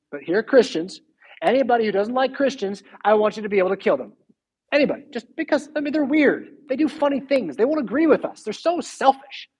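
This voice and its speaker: A man voicing a scheming, flattering male royal official who coaxes a king, talking in a wheedling, persuasive way with a slightly husky voice. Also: sits high.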